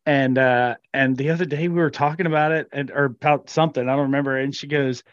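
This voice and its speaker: A man co-hosting a podcast in casual chat, easygoing and quick to laugh. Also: mid-range voice, steady tone, no echo. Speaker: podcast co-host. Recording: dull, dry lo-fi sound.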